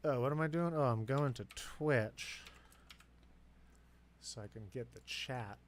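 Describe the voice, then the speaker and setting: Man, mid-pitch, loose sweary gameplay chatter at his desk, faint hiss behind. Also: measured pace. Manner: rambling, profane, talks to himself and his dog. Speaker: gameplay video creator. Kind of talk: casual gameplay commentary. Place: home desk.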